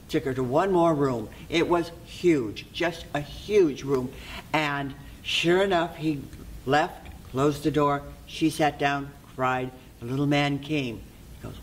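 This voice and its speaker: Expressive storyteller telling a fairy tale. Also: medium pitch, measured pace, a little hiss or hum, poor audio. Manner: lively, expressive, repetitive folk-tale phrasing.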